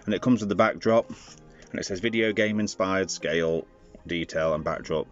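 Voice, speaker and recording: Low-voiced chatty man reviewing toys. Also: moderate pace, dull audio, soft background music. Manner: chatty, digressive, jokey. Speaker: toy reviewer, channel host. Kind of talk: casual toy review vlog.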